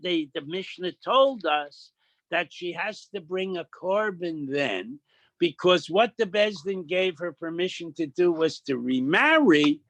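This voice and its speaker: A middle-aged man teaching a daily Talmud page, reading Aramaic slowly, then explaining it in casual with quips and asides. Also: high voice, sharp tone, no echo. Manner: plain-spoken, quips and asides. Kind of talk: daf yomi Talmud lesson.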